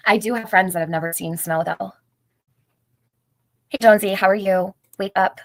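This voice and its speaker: A woman's voice: mid-range voice, normal speed, no room sound, poor audio. A middle-aged woman hosting a casual livestream, chatting, greeting viewers by name and laughing often. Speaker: livestream host.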